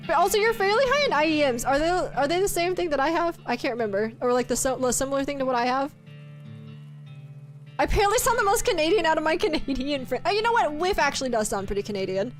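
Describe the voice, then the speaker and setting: A high-pitched woman chats with her stream audience in a bubbly, teasing way, breaking into laughter often. Faint music plays quietly underneath her voice. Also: sing-song, a little fast. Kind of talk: casual live-stream chat.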